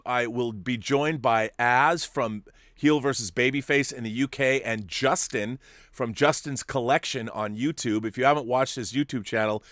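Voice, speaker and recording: A man hosts a relaxed livestream, reading out viewers' messages and responding off the cuff with quick asides. His voice sits at an ordinary middle pitch. The sound is close and dry, with no room behind it. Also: no room sound. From California. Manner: chatty, quick asides and chuckles. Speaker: show host reading super chats. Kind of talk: casual livestream chat.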